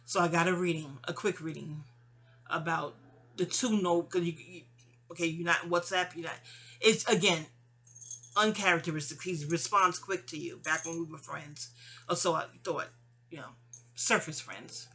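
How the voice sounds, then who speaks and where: Bright-voiced woman rambling through a story. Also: fairly low pitch, normal speed, breathy edge. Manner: rambling, chatty, acts out quoted dialogue. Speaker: vlogger. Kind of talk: casual storytelling vent. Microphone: audio-only home recording.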